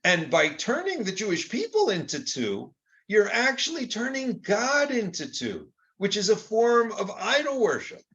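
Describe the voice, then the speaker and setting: A man's voice: high-pitched, huge pitch swings, measured pace, a bit bright, dull audio. An older man teaching Torah in an informal, conversational lecture, often acting out quoted exchanges with rhetorical rises.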